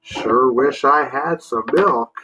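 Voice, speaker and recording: A man voicing an eager young boy who is hungry for moon pies, with excitable, high exclamations. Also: slow pace, recorded from a distance, noisy background, natural voice. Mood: curious.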